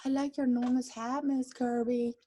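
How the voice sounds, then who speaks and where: A woman's voice: level tone, normal speed, lightly acted. A woman voicing a polite, eager young schoolboy in a storybook reading, with a cheerful raised voice. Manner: bright, cheerful, raised pitch.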